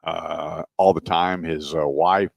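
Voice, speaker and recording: A middle-aged man with a drawl and a very low voice hosts a radio show from a car dealership. His sound is close and dry, with no room around it. He tells stories in an animated, folksy way. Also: slow, creaky, dry recording, highs cut off. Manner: folksy, animated anecdote teller. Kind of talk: casual chat and storytelling.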